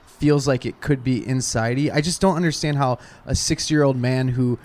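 A man who does comedy, telling stories in a rambling, swearing, animated way during a casual podcast chat. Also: mid-range voice, moderate pace. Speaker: comedian guest.

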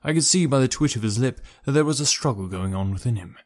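Man narrating a story, measured delivery. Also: medium pitch, lively intonation. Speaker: audiobook narrator. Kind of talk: scripted narration of a first-person story.

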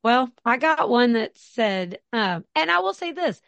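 A woman podcast host chats as a guest on another show. Her voice runs slightly high, recorded close and dry. She talks breezily and tosses off sarcastic one-liners. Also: big pitch swings, gravelly, a bit bright, no room sound. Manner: sarcastic, chatty, quick quips. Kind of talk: casual podcast chat.

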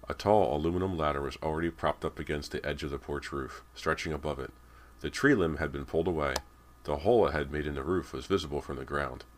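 Super deep male voice reading an audiobook, slow and deliberate. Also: a little hiss or hum. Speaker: audiobook narrator. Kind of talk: audiobook narration.

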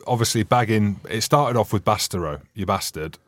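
Lowish-voiced bantering man on a dry mic. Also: normal speed, a bit bright, no room sound. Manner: banter, mock-dim and teasing. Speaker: podcast co-host. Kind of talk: casual chat.

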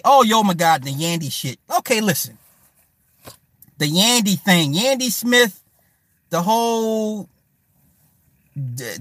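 A man's voice: sits high, pushed and bright, dry recording. A man hosting a livestream, riffing casually with loose, profane jokes and answering viewers by name. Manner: talks to viewers and chat by name. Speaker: livestream host. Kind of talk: casual commentary chat.

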